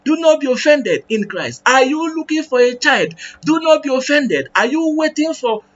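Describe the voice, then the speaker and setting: A man's voice: extremely high pitch, big pitch swings, normal speed, fairly bright tone, highs cut off. A man preaching a sermon and leading a prayer, fervent and repetitive in his appeals.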